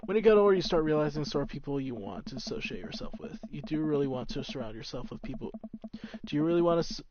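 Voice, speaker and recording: Man reading as a gentle earnest dad. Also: fairly high pitch, animated, fast talker, a crowd in the background, lightly acted. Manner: gentle, earnest fatherly advice. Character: kind supportive single dad, adult man. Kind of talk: reading game dialogue aloud. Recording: slightly dull with faint noise.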